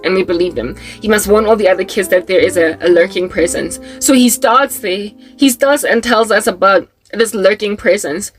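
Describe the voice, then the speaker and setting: A woman's voice: mid-range voice, moderate pace, hardly any pauses, soft background music. Chatty woman preaching. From South Africa. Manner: animated, chatty, with many fillers. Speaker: Christian vlogger. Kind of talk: casual storytelling and preaching.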